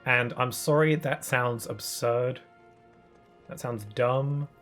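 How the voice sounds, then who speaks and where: A British man chatting casually while he streams a game, his voice sitting at an ordinary middle pitch. He rambles and muses aloud, filling gaps with "um"s and soft chuckles. Faint music runs behind him. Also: steady tone, slow pace. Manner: rambling, musing, with frequent fillers and chuckles. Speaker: gaming streamer.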